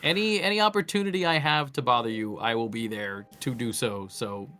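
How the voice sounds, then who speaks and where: A man who is a voice actor guest, chatting excitedly and playfully, with laughter throughout. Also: medium pitch, fairly quick, soft background music. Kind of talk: casual interview chat.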